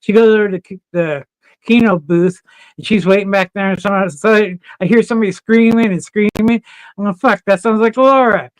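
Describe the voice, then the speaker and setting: A man's voice: sits high, normal speed, no echo. A man as a podcast guest, telling casual stories full of swearing and laughter. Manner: swears freely, animated anecdotes with laughter. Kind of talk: casual chat, storytelling.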